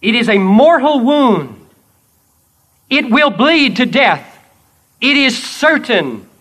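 A preacher voicing a solemn kingly Jesus. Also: male voice, very high-pitched, sing-song, slow pace, fairly bright tone, pitched above the performer's own voice, full character voice. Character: calm commanding kingly Jesus, man.

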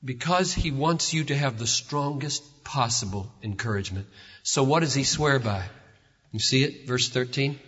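A man preaching a sermon, swinging from hushed tones to shouts with an emphatic, repetitive cadence. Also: mid-range voice, normal speed, husky. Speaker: pastor. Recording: reverberant hall, dull lo-fi sound.

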